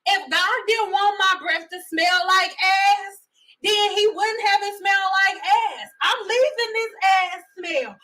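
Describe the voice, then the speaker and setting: A lazy, defiant grown woman whines and wails in a very high, bright voice, as a woman mocks her. Her complaints come out exaggerated and self-pitying. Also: slow pace, full character voice. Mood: whining. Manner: whiny, wailing complaint.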